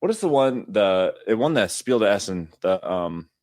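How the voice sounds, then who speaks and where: A man's voice: fairly low pitch, big pitch swings, normal speed, a little mellow, no echo, studio quality. A man co-hosting a board game podcast in casual chat, playful and rambling as he tells stories. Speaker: podcast co-host.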